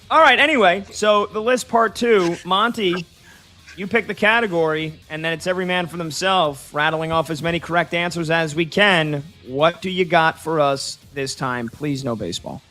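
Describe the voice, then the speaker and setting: A man's voice: a little high, moderate pace, pushed and bright, soft background music. A man hosting a sports radio show, chatty and joking with his crew. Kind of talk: casual sports talk.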